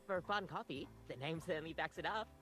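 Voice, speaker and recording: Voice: mid-range voice, quick pace, pushed and bright, faint music behind, lightly acted. An actor playing a chatty barista. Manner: chatty, explanatory. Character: upbeat male barista.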